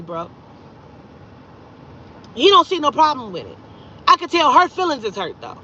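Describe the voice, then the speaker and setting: A woman's voice: fairly high pitch, moderate pace, long pauses. Woman spilling a crazy story, cussing nonstop, voice jumps way up when she gets heated, muffled audio w/ faint traffic behind. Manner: profane, animated retelling with loud exasperated outbursts. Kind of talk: casual storytime vlog.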